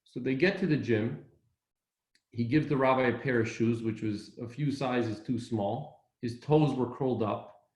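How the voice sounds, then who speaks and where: A man telling an inspirational story in an animated way, speeding up in quick bursts. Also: mid-range voice. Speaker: community speaker. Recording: echoey room.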